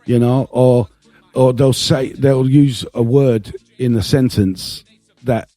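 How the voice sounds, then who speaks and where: Guy co-hosting, mellow dark voice, says you know constantly, dry sound. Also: medium pitch, fairly even intonation, slow, no room sound, soft background music. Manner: keeps saying "you know", teasing banter. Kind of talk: casual chat.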